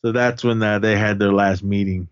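A man's voice: lowish voice, steady tone, moderate pace, clean tone, no echo. A man co-hosting a podcast, recapping a movie's plot in casual chat, rambling with many fillers and restarts. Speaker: podcast co-host. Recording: dull lo-fi sound.

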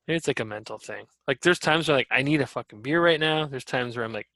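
A man co-hosting a podcast, telling stories in a loose, animated way with frequent laughs and casual swearing. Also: a little high, fast, hardly any pauses, dry recording. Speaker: podcast co-host. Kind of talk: casual chat.

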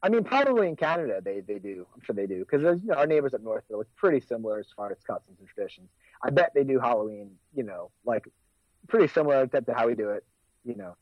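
A man's voice: mid-range voice, very animated, quick pace, dry recording, lo-fi sound. An American man in his forties, co-hosting a casual podcast chat and rambling with lots of fillers and restarts. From United States. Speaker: podcast co-host.

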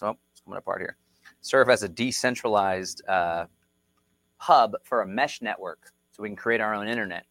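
A man's voice: on the low side, fairly bright tone, dry recording. A man hosting a livestream, explaining things emphatically. He repeats points and keeps checking in with "okay?" and "right?". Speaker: livestream host.

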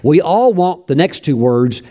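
A man's voice: on the high side, expressive, a little slow, mellow. A man preaching a sermon, telling a story with fervent emphasis and bursts of praise.

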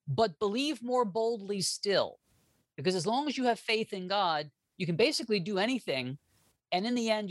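Brief: male guest historian, lively and jokey, restarts a lot, dry close recording. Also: high-pitched, dry recording. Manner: animated, joking, restarts often. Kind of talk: casual interview talk.

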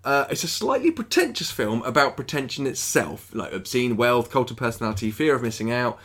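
A man's voice: mid-range voice, animated, fairly quick, a bit bright. A man co-hosting a casual podcast, giggly and rambling, swearing now and then. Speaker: podcast co-host. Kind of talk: casual chat.

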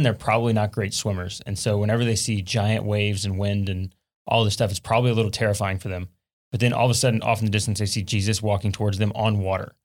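A man on a faith podcast retelling a Bible story in a relaxed, conversational way. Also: fairly low pitch. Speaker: podcast co-host.

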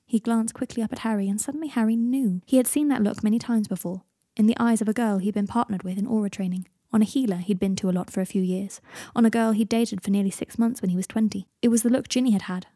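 Husky-voiced woman narrating a story. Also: mid-range voice, fairly even intonation, fast, few pauses, mellow, dry recording, clean studio sound. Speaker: fan fiction reader. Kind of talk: audiobook narration.

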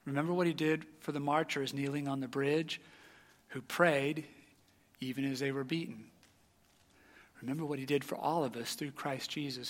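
A man preaching a sermon, telling a story with animated energy and dropping to a hush at the tense moments. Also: mid-range voice, normal speed, long pauses.

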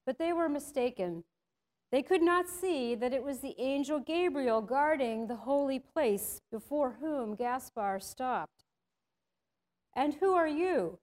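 A woman narrating a storybook tale in a measured, gentle reading voice. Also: high-pitched.

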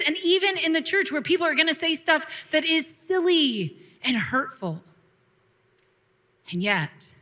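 Woman pastor, high bright voice, lively conversational sermon with call-and-response. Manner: lively preaching with laughs, call-and-response asides.

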